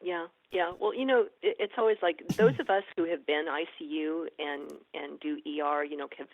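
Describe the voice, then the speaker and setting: A woman, an experienced ER nurse and educator, telling stories in a lively conversational interview and acting out the dialogue. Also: deep voice, moderate pace, no echo. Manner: lively, animated storyteller acting out quoted dialogue. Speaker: ER nurse and educator, podcast guest. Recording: tinny phone-like line, dry.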